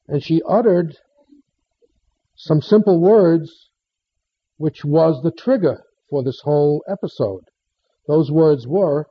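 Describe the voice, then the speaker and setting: A man with a husky, somewhat high voice tells a story in short phrases, pausing often for emphasis. His delivery is unhurried. The recording sounds dull and lo-fi. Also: expressive. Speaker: speaker telling a story to an audience. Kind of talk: storytelling talk.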